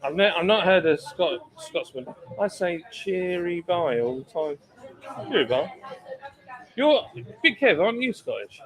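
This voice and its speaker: A man's voice: sits high, lively intonation, a little slow, fairly bright tone, poor audio. A British man hosting a live stream from a brewery taproom, chatting casually, joking and greeting viewers by name as he reads their comments. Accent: British English. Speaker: stream host and taproom bartender. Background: crowd chatter.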